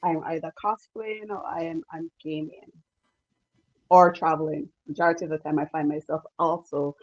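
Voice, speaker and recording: A woman's voice: deep voice, steady tone, normal speed. A woman, a guest cosplayer chatting on a video call, easygoing and modest, laughing often. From British Virgin Islands. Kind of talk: casual video call interview. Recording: dull lo-fi call audio.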